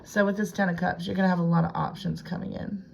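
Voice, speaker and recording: Low, gravelly woman reading tarot. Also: fairly even intonation, fast talker, a little hiss or hum, rough recording. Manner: chatty, self-talking, drifts into hushed whispers. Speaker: tarot reader. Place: home room with a piano desk.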